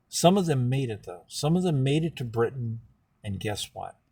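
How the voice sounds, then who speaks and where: Husky-voiced man telling history animatedly. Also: mid-range voice, dry recording. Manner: animated storyteller acting out quoted voices. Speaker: political candidate. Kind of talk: campaign talk with storytelling.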